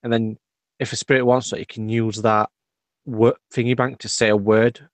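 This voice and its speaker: Soft-spoken man on a dry call. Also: medium pitch, flat delivery, moderate pace, dry recording. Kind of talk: casual video-call chat.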